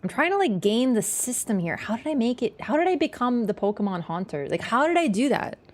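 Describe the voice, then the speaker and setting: A young woman chatting casually on a game livestream, quick and self-mocking, laughing often. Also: fairly high pitch, sing-song. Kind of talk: casual game-stream chat.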